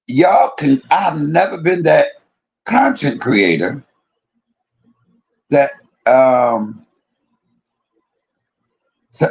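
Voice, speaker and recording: A streamer rants to his viewers, his voice rough and a little husky. He talks confrontationally, swears constantly, and his pitch rises and falls a lot as he hammers his points again and again. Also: lively intonation, drawn-out words, pauses often. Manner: profane, confrontational, repeats himself. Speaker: live streamer. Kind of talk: heated livestream rant.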